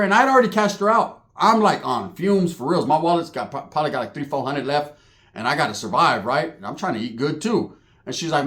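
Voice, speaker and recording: A young man telling a comic story about his family, profane, animated and full of slang. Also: a little high, fast. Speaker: comedian storyteller.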